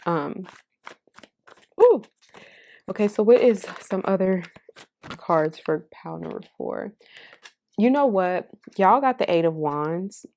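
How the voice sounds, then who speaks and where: A woman's voice: lowish voice, a little mellow. A woman reading tarot cards for her viewers in a casual, candid and heartfelt way, with some swearing. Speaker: tarot card reader.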